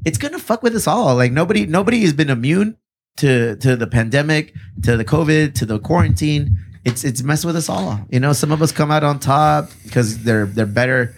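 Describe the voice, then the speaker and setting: A man's voice: a little high, lively intonation, brisk. Laid-back cursing man. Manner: profane, laid-back, mixes in Spanish slang. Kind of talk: casual chat.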